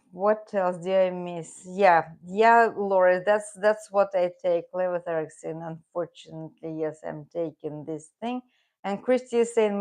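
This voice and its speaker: Slow, gravelly woman with a Russian accent. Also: fairly low pitch, a little mellow. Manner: halting, many fillers and restarts. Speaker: livestream host. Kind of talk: casual chat with viewers.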